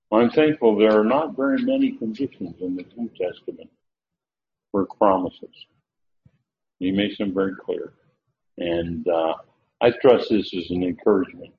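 A man teaching a Bible lesson as a sermon, slow and emphatic, repeating key phrases. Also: lowish voice, slight background noise. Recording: tinny phone-like lo-fi recording.

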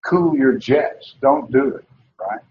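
A man's voice: medium pitch, expressive, takes it slowly, a little hiss or hum. A man preaching a sermon emphatically, repeating words and restarting as he drives his point home. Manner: emphatic, repetitive, with many restarts and fillers. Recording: dull, roomy sound.

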